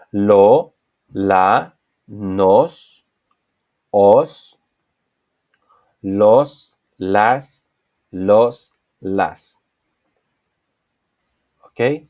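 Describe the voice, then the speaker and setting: Male Spanish teacher, unhurried, dry close sound, repeats examples patiently. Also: fairly low pitch, darkish tone, no echo. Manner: explains slowly, repeats example sentences. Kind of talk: online language lesson.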